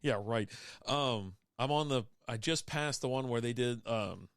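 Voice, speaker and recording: A man co-hosting a laid-back beer podcast, with a medium-pitched voice. He talks bluntly and teases his co-host, swearing as he goes. The sound is dry and close, with little room around it. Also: measured pace, clean tone, no echo. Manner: blunt, teasing, swears freely. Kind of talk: casual beer podcast chat.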